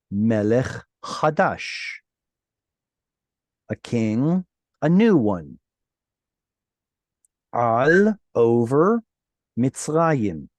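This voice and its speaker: With a mid-range, darkish voice and no room sound, a man teaches Bible Hebrew online via video call. He explains the grammar in a patient, playful way and keeps quizzing his students.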